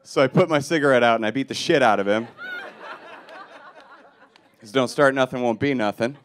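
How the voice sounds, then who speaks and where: A young man from Milwaukee doing a stand-up comedy set on a club stage, deadpan and self-mocking, punching up the jokes. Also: mid-range voice, moderate pace, a faint crowd, a little hiss or hum.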